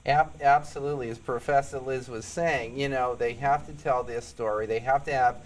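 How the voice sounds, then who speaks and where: In an interview, a New York–accented man who is a psychologist and police sergeant earnestly tells stories, repeating key points for emphasis. His voice has a medium pitch and fairly even intonation at a normal speed. The recording is rough.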